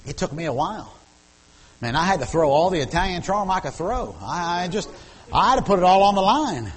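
A man's voice: high-pitched, very animated, a little fast, low-quality recording. A middle-aged man preaching a sermon. He tells folksy, humorous stories and repeats words as he builds up steam. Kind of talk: sermon with personal storytelling.

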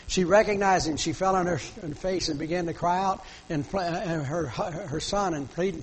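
Middle-aged male pastor, fervent sermon delivery, husky tone. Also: high-pitched, normal speed, hardly any pauses, in a large hall, poor audio. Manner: fervent, pleading preaching.

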